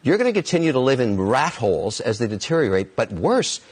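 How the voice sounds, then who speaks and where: A man's voice: medium pitch, very animated, a little fast. A middle-aged man lecturing emphatically about investment in an interview clip played back on a stream. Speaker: business commentator in a clip.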